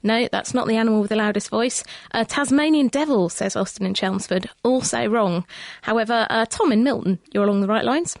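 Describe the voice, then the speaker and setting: A woman co-presenting a science radio show in a studio, explaining things clearly. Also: mid-range voice, a little fast, hardly any pauses, dry recording. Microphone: studio mic.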